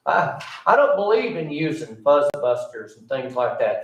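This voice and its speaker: In a church sanctuary, a male pastor preaches in a folksy, conversational way, sharing a personal story with a joking aside. His voice is on the high side with big pitch swings at a moderate pace, and the distant mic gives roomy sound.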